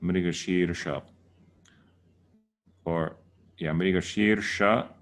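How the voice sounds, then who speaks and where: A man's voice: deep voice, steady tone, takes it slowly. A man giving a casual lesson, patiently repeating words to correct how people say them. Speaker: teacher.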